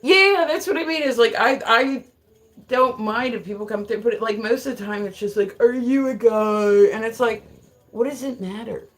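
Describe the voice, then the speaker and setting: A woman's voice: on the high side, moderate pace, a bit bright. Woman streamer, chatty and frank, keeps saying like, jokes around. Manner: rambling, frequent filler words; joking and frank. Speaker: live streamer. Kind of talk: casual live-stream chat.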